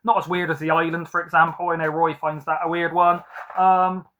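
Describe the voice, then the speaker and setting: A man's voice: on the high side, little pitch movement, fairly quick, bright, forceful tone, slight background noise. A man hosting a casual film review chat, rambling with frequent ums and likes. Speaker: film collector host.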